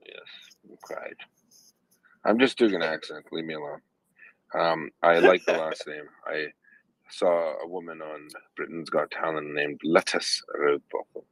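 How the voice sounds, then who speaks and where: Male host, very low voice, dry close mic, jokey panel-chat manner. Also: steady tone, fairly bright tone, dry recording, low-quality recording. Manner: joking, teasing, quick asides. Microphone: online audio room, own mic.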